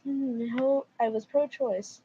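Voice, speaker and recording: A woman's voice: high voice, fairly even intonation, takes it slowly, dark tone, husky. A woman streamer reading stories aloud and reacting casually, with emphatic remarks. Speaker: livestreamer. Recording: dull lo-fi mic.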